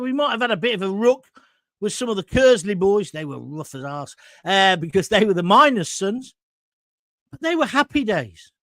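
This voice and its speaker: A man's voice: very high voice, a bit bright, dry recording. A man, hosting an online talk show and chatting casually through viewer comments in a blunt, jokey way with crude asides. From England.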